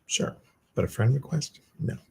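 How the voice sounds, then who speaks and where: A man's voice: normal speed, warm tone, slight background noise. A man hosting a meditation group livestream, giving casual, chatty announcements with a loose, self-teasing manner.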